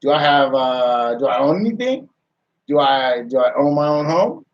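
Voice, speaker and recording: A man's voice: mid-range voice, sing-song, moderate pace, recorded from a distance, dull audio. A man hosting a motivational radio show, firing off rhetorical questions and repeating phrases as he restarts sentences.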